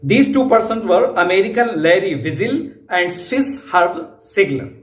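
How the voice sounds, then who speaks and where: A man with an Indian English accent, teaching an English lesson slowly and patiently, repeating points for his students. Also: high voice, lively intonation. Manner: slow, repetitive explaining, addresses students directly. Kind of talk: classroom lecture explaining a text. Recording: roomy echo.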